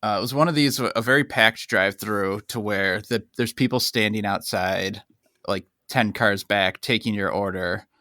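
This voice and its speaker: Bright-voiced man telling a story. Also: moderate pace, no room sound, studio quality. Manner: animated storyteller, acts out quoted people in a higher voice. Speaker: podcast co-host. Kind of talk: casual chat, storytelling.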